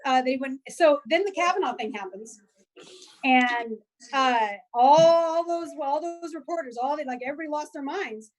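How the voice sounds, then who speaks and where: Lively high-voiced woman telling stories. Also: normal speed, rough recording. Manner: animated storyteller, many restarts and fillers. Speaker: guest. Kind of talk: casual chat.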